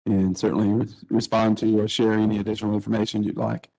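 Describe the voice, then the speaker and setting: A man chairing a public hearing, brisk and procedural. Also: fairly low pitch, level tone, dark tone, poor audio. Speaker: commission chair.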